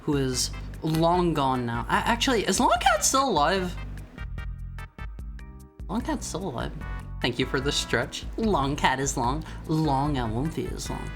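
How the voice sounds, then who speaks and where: A man streaming as a VTuber, chatting playfully with his viewers and teasing them. He keeps tripping into restarts, and his pitch swings up and down. Faint music plays softly behind him. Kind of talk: casual live-stream chat.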